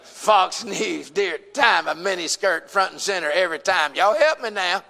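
A man's voice: high-pitched, expressive, moderate pace, vocal fry, bright, forceful tone, long reverb tail. A man with a Southern US accent preaching a sermon, folksy and emphatic, calling out to his congregation.

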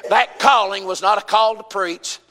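A man's voice: high-pitched, steady tone, moderate pace, sharp tone, long reverb tail. A man with a Southern US accent preaching a sermon, folksy and emphatic, calling out to his congregation.

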